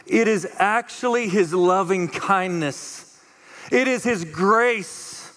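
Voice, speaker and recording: A high-voiced man preaches to his church in a chatty, animated way. He slips into the voices of the people in his story. His words ring with the long reverb of a large hall. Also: takes it slowly. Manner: conversational, animated, acts out quoted voices. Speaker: pastor. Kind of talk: sermon. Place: church auditorium.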